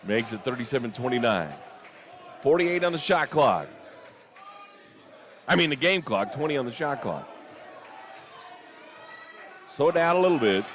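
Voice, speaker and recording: A young man with a medium-pitched voice calls a basketball game play-by-play live. He's openly partisan and admits to getting emotional, his voice rising sharply on big plays and disputed calls.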